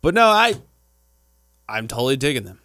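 Man, Texan twang, bright voice, smooth and clear, rambling casual chat, dry close sound. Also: mid-range voice, very animated, moderate pace, no echo. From Texas. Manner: rambling, filler-heavy, chatty. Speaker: podcast co-host.

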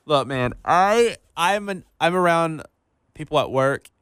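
A young man co-hosting a casual wrestling podcast, talking in halting bits with many restarts. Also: on the high side, expressive, fairly bright tone, clear, resonant tone, no room sound, studio quality. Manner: hesitant, lots of restarts and fillers. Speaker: podcast co-host.

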